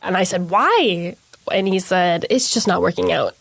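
A fairly low-pitched female voice with vocal fry and a breathy edge, fairly even in intonation and fairly quick, recorded dry. The young adult woman is giving an interviewer an earnest personal account, acting out what people said to her.

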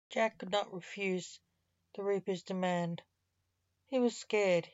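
Slow, measured woman storyteller. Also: medium pitch, steady tone, a little mellow, dry recording, dull audio. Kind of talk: scripted narration.

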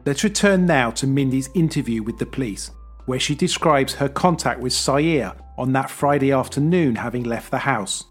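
Husky guy narrating a podcast, measured and even, bit of soft music under it. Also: medium pitch. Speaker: podcast host. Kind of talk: scripted narration.

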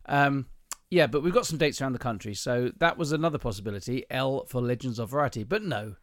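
A man's voice: medium pitch, fast talker, no room sound, clean studio sound. A man from southern England co-hosting a podcast, chatty and teasing, rambling through stories. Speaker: podcast co-host. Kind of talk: casual chat.

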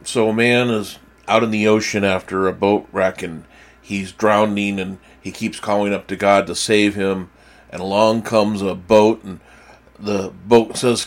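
A man hosting a recovery podcast, introducing the episode and telling a joke in a relaxed, conversational way. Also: lowish voice, normal speed. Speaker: podcast host. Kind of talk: casual podcast intro and storytelling.

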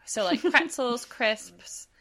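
A woman's voice: a little high, takes it slowly. A woman, a podcast co-host chatting casually about a book and acting out bits she quotes. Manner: chatty, animated, acts out quotes. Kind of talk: casual book club chat.

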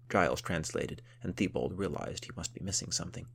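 A man narrating a historical novel in a steady, measured storytelling manner. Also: low voice, gravelly, slightly rough.

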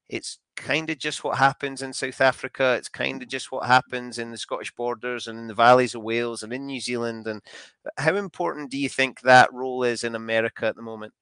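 A man's voice: medium pitch, brisk, sharp tone, clean tone, dry recording. A man hosting an interview, asking long, enthusiastic questions that ramble, with frequent restarts. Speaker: podcast host.

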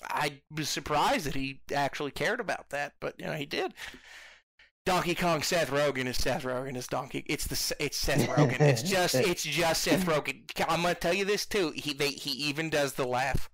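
A man's voice: a little high, moderate pace, fairly bright tone, dry recording. A man co-hosting a casual movie podcast, rambling and profane, with stammered restarts and self-mocking asides. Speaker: podcast co-host. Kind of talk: casual movie review chat.

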